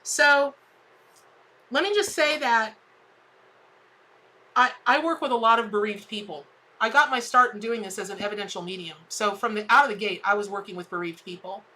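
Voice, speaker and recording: Middle-aged woman, live tarot reader; bright, chatty voice that jumps high when she gets excited. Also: normal speed, pauses often, low-quality recording. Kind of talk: live-stream tarot reading.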